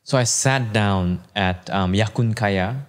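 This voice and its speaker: A man in his thirties, a podcast guest telling a long personal story in casual chat, animated and putting on the voices of people he quotes. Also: lowish voice, takes it slowly.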